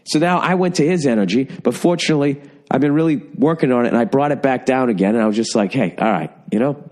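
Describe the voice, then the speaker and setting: A man's voice: medium pitch, quick pace, a little mellow. A man hosting a podcast, telling rambling, profane stories in casual chat. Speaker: podcast host.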